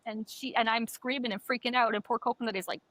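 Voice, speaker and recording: A woman co-hosting a podcast, telling animated stories in casual chat and swearing often. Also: a little high, fast, dry recording. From Canada. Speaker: podcast co-host.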